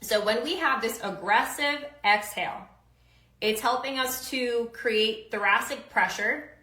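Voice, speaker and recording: A woman's voice: fairly high pitch, unhurried, pushed and bright, roomy sound, poor audio. A woman strength coach giving upbeat, casual instructions with slang and countdowns for kettlebell lifts.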